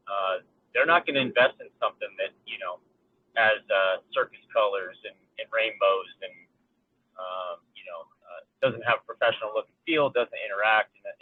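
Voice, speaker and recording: A man's voice: on the low side, slightly rough. A man co-hosting a casual podcast, chatty and enthusiastic, laughing between his points. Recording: tinny phone-like line with faint noise.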